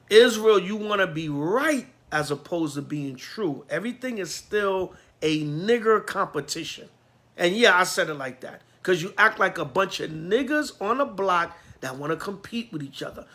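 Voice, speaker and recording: Brief: male preacher, high bright voice, emphatic and blunt, streetwise sermon. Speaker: priest.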